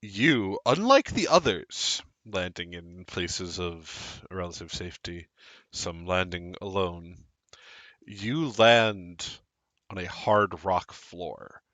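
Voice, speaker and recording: A man runs a tabletop game, laying out the scene in slow, descriptive narration. His voice is bright and the recording is dry and close. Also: sits low, no echo. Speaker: game master.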